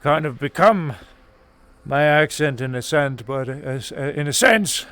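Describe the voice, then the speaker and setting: Male actor as a slow, meandering craftsman in a put-on British accent, voice a touch high, full of hesitations. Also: lively intonation, a bit bright, no room sound. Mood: musing. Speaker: role-play character. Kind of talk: live-streamed role-play.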